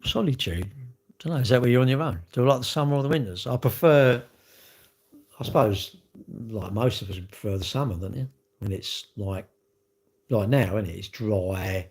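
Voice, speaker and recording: A man's voice: fairly low pitch, moderate pace. A man talking casually to viewers on a livestream, rambling and repeating himself in a defensive way. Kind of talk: casual live chat to viewers.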